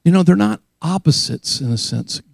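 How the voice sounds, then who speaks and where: A man's voice: fairly high pitch, expressive, moderate pace, gravelly, darkish tone, no room sound. A man preaching a sermon as pastor, earnest and emphatic, often repeating key phrases for weight.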